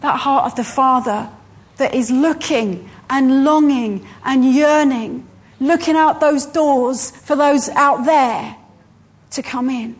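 A woman preacher delivering a sermon in a high voice. She takes her time, leaning on each phrase and repeating lines for emphasis. Her pace is slow and deliberate throughout.

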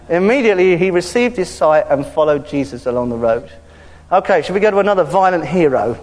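High-voiced preacher man in a reverberant hall. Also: brisk. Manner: lively, conversational preaching with frequent hallelujahs. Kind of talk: sermon. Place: church hall.

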